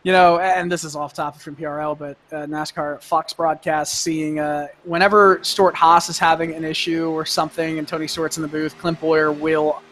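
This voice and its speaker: A man's voice: a little high, flat delivery, normal speed, hardly any pauses, fairly bright tone. A man giving color commentary on an online race, chatty and rambling, often laughing. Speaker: sim racing color commentator.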